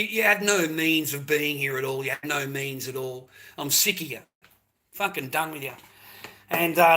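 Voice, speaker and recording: A man's voice: a little high, sharp tone. An Australian man ranting angrily on a live stream, profane and repetitive.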